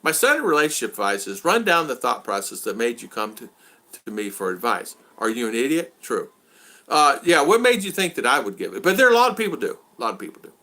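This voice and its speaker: A man's voice: mid-range voice, fast. An older man hosting a casual video chat, telling stories and acting out exasperated quotes. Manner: animated, acts out exasperated quotes. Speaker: vlog host.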